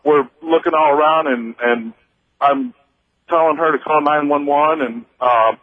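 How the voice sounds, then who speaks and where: Missouri male caller, slightly high voice, halting and full of restarts, thin phone-line sound. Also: no echo. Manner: halting, with many restarts and fillers. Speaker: radio caller. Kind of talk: telling a personal story on a call-in show.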